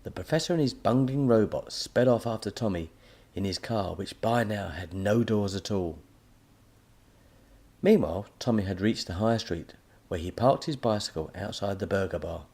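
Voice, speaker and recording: A man narrating a children's audiobook in a lively storytelling manner. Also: lowish voice, normal speed, husky.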